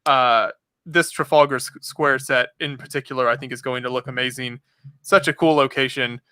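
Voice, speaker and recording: A man's voice: mid-range voice, steady tone, moderate pace, bright, forceful tone, clean tone, dry recording, clean studio sound. A man hosting a casual live stream chat, rambling with lots of fillers and frequent laughter over a remote call mic. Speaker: podcast host.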